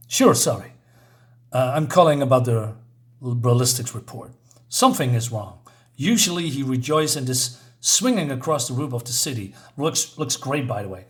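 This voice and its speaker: A man's voice: mid-range voice, animated, moderate pace. Chuckling, rambling comic reviewer, a man. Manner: chuckling often, rambling with fillers. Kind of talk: casual review chat.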